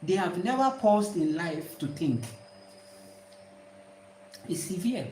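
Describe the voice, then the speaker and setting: A woman's voice: on the low side, very animated, slow, mellow, a little hiss or hum. A woman with a Ghanaian accent giving a casual spiritual talk, emphatic, often repeating and restarting her words. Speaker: spiritual teacher. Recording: roomy echo.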